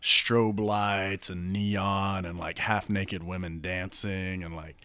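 A man with a deep, low voice talks loosely and casually, stringing ideas together with "like" and "you know". The sound is close and dry, with no room around it. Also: little pitch movement, slow pace, sharp tone, clear, resonant tone, dry recording. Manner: rambling, full of "like" and "you know". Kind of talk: casual chat, pitching a movie plot.

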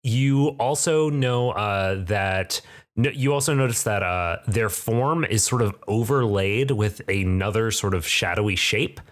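A man narrating as game master, halting and restarting as he describes the scene. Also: on the low side. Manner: halting, lots of fillers and restarts.

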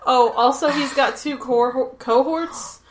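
A woman co-hosting a casual chat, blunt and quick to swear. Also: high-pitched, a little hiss or hum. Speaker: podcast co-host. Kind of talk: casual chat recapping a cartoon episode. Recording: echoey room.

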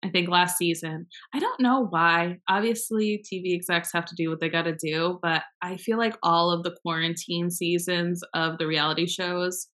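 Frank, bright-voiced young woman chatting. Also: fairly low pitch, steady tone, normal speed, few pauses. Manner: frank, swears freely, rambling. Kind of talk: casual chat.

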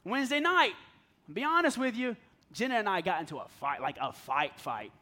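A man's voice: high-pitched, lively intonation, fairly quick, sharp tone. A man in his thirties preaching in a conversational, self-deprecating way, telling stories and often laughing. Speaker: pastor. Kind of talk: conversational sermon.

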